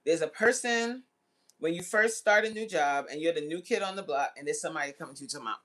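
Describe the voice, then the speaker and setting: A woman in her forties hosting a casual livestream and chatting with viewers. She is slangy and laughs often, with sudden jumps into high exclamations. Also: expressive, fast. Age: 40s. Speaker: livestream host. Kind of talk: casual live chat reading viewer comments.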